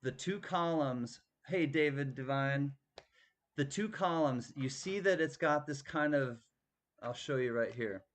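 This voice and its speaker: A man's voice: medium pitch, unhurried. A man running a live-stream coin auction, chatty and thanking bidders by name.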